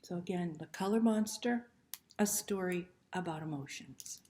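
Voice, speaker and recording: Reading a picture book to children, this librarian speaks gently and softly, frequently dropping to a hushed near-whisper and putting questions to the kids. Her voice is lowish and moves at normal speed.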